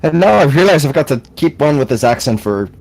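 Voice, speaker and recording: A man's voice: medium pitch, animated, fast talker, darkish tone, rough recording. A man playing a tabletop game, joking and playful. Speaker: player.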